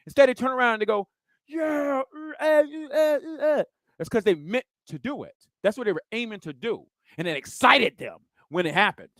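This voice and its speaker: Man, pastor, animated sermon, high voice, dry recording. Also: fast, few pauses, dry recording. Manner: animated, acts out scenes and sounds. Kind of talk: preaching a sermon.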